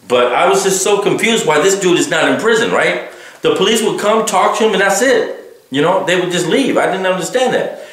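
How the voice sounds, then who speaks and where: Guy telling a story on his vlog, bit higher voice, keeps going "right?", big echoey room. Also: a bit bright. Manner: conversational, keeps checking in with "right?" and "fam". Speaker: vlogger. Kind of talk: casual personal storytelling.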